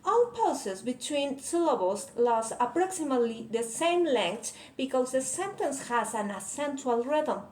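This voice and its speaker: Student presenter: high-pitched woman, Spanish first language, reads deliberately; roomy echo. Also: sing-song, darkish tone. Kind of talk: reading a prepared explanation. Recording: echoey room, faint ambient noise.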